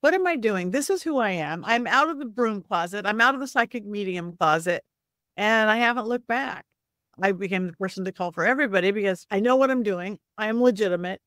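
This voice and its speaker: Animated woman telling stories, dry sound. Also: medium pitch, dry recording. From Southern California. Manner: animated, acts out quoted voices, quick asides. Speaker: psychic medium guest. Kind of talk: casual storytelling interview.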